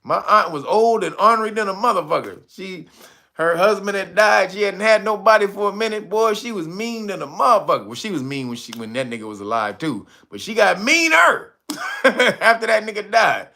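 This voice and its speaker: A man hosts a livestream in a high, gravelly voice with a bright, sharp edge. His pitch jumps all over as he rambles through crude jokes, breaking into laughter and calling out names from the chat. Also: big pitch swings, brisk. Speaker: livestream host. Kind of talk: loose comic commentary on a livestream.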